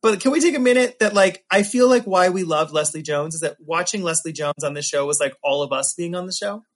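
A man hosting a casual chat, animated and sarcastic, with quick asides. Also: high voice. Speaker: podcast host.

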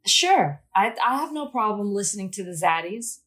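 A woman's voice: mid-range voice, lively intonation, normal speed, fairly bright tone. A woman co-hosting a podcast in casual chat, teasing her partner and laughing as she pushes the show along. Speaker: podcast co-host.

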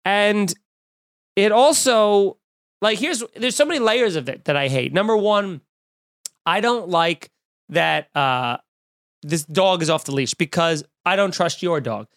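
A man's voice: high voice, measured pace, fairly bright tone, dry recording, studio quality. A young man hosting a podcast, delivering a profane, exasperated comedic rant full of fillers and asides. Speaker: podcast host.

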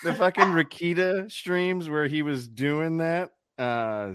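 A man's voice: fairly high pitch, slow, fairly bright tone, smooth, no echo, studio quality. A man with a Southern US accent, co-hosting a casual podcast chat, profane and jokey, often mimicking accents. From American South. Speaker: podcast co-host.

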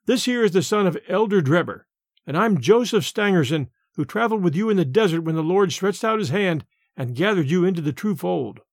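Pompous young storybook churchman, read by a man, high and dry. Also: lively intonation, a little fast, no room sound. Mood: smooth. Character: pompous young male churchman, self-righteous.

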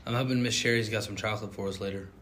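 A young man co-hosting a casual chat, animated and prone to sudden loud outbursts. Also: on the low side, rapid-fire, a little hiss or hum. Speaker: co-host.

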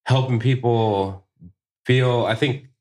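A man, a tattoo artist, chatting casually on a podcast with profane, animated storytelling. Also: medium pitch, takes it slowly.

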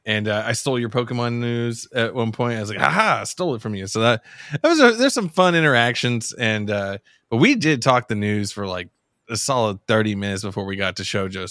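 A podcast co-host chats casually, rambling with many restarts, and his voice goes high when he gets excited. He speaks fairly quickly on a dry, studio-quality recording.

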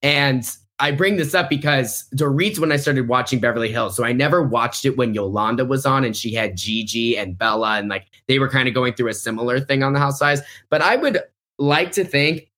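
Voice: medium pitch, a little fast, fairly bright tone. A podcast host in casual pop-culture chat, talking in a chatty way, filling the talk with "like" and laughing often.

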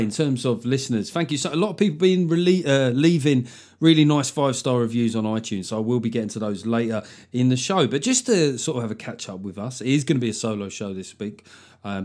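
Man, comedian podcast host, swearing, quick jokes, lively storytelling, mid pitch. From London. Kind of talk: solo podcast monologue.

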